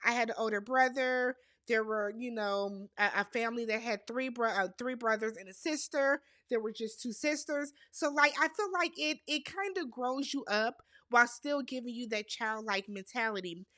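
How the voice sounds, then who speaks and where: Young woman, TV recap host, sassy, bright tone, dry close mic. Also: a little high, moderate pace, few pauses, no room sound. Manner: sassy, talks back to the cast. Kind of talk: casual recap commentary.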